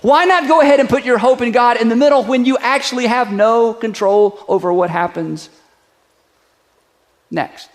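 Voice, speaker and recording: High-voiced pastor preaching a playful sermon. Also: male voice, normal speed. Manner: conversational, joking, piles up rhetorical questions; leads the congregation in a spoken declaration.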